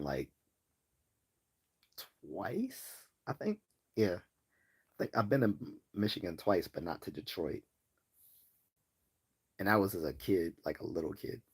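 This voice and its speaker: A man's voice: low voice, moderate pace, long pauses, slightly rough. A man from Baltimore hosting a casual livestream, reading chat comments aloud and rambling with many fillers and restarts. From Baltimore, US East Coast. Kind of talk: casual live-stream chat.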